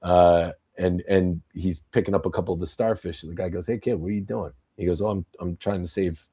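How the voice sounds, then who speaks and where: A man's voice: low voice, steady tone, fairly quick, warm tone, breathy edge. A man in casual podcast talk, ranting bluntly with heavy swearing and telling stories with acted-out quotes. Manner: blunt, profane, rambling political rant.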